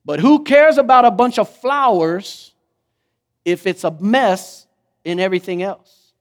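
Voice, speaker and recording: A man preaching a sermon in an animated way, acting out the voices he quotes. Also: high-pitched, measured pace, clean tone. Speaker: pastor.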